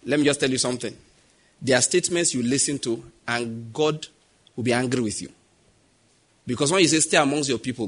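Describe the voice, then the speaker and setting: A man's voice: mid-range voice, fairly quick, pauses often, husky. A man with a Nigerian accent preaching a sermon, telling stories and acting out the voices in them. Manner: animated storytelling, acting out quoted voices.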